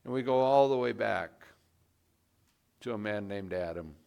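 A male pastor delivers a sermon at an unhurried, measured pace. His voice carries a gravelly edge, and he drives hard on key words to make his point. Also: on the low side, expressive, darkish tone. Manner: slow and deliberate, rising to emphatic stress on key words.

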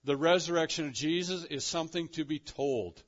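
A man preaching a sermon with a fairly high voice and a firm, emphatic delivery. He presses his listeners with rhetorical questions, now booming and now dropping low. The recording sounds muffled and lo-fi. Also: brisk. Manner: emphatic, with rhetorical questions and wide swings in loudness. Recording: dull lo-fi recording.

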